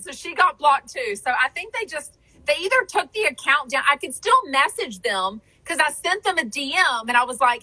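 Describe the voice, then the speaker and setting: A woman's voice: sits high, expressive, fairly quick, sharp tone, rough recording. A woman hosting a podcast, chatting casually in a rambling way with lots of fillers. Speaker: podcast host. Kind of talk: casual chat.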